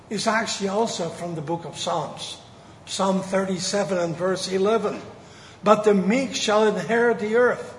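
A man preaching a sermon, slow and emphatic, drawing out the key words. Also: high-pitched, a little hiss or hum. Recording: echoey hall with faint ambience.

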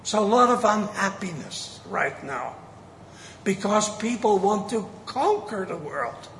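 A man preaching a sermon, slow and emphatic, drawing out the key words. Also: high voice, animated, creaky, a bit bright, slight background noise. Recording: echoey hall with faint ambience.

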